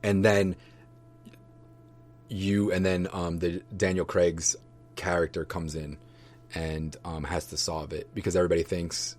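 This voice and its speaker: A man's voice: sits low, flat delivery, measured pace, pauses often, darkish tone, faint music behind. A man casually rambling through a movie review for his viewers, loose and enthusiastic, with many fillers and restarts. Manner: enthusiastic, affectionate toward viewers. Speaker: vlogger reviewing books and movies.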